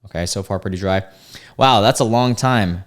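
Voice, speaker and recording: A man's voice: on the low side, moderate pace. A young man hosting a casual reaction commentary, reading dating-app chats aloud in an amused, laid-back way with frequent restarts. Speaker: commentary host reading screenshots.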